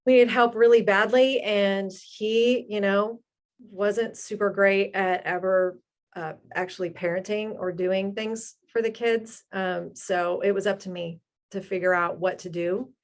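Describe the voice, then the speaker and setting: A middle-aged woman, a mother, telling her family's story in an earnest, halting way with fillers. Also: medium pitch, fairly even intonation. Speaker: guest, mother of the speaker. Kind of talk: personal testimony.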